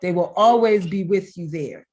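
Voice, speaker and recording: Expressive middle-aged woman telling stories. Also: fairly low pitch, normal speed. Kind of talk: heartfelt conversational storytelling. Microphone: video call.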